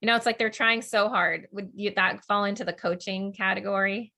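A woman's voice: medium pitch, fairly even intonation, a little fast, bright, forceful tone. A woman hosting a podcast interview, chatting in an affirming, casual way with many fillers. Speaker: podcast host.

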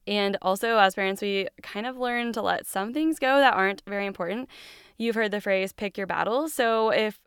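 A woman in her thirties hosting a solo parenting podcast, talking in an earnest, gentle, reassuring way and acting out quick lines she says to her kids. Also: mid-range voice, smooth, no echo, clean studio sound. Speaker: podcast host.

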